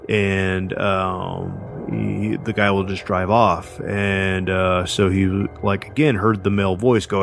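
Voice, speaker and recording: A man's voice: deep voice, little pitch movement, slow pace, gravelly, hardly any pauses, soft background music. A man co-hosting a podcast, telling a story casually with lots of fillers and restarts. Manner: rambling, many fillers and restarts. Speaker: podcast co-host.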